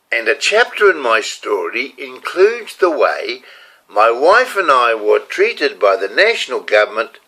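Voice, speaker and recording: A man's voice: medium pitch, pushed and bright, poor audio. A middle-aged man with a New Zealand accent, reading a letter aloud on his vlog and breaking off into ranting asides. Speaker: vlogger and motivational speaker. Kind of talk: comic vlog monologue.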